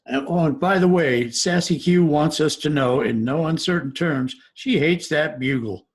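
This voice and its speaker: Male co-host from Oregon, a bit high-pitched, playful teasing banter. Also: normal speed, slightly rough. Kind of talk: casual live-stream chat.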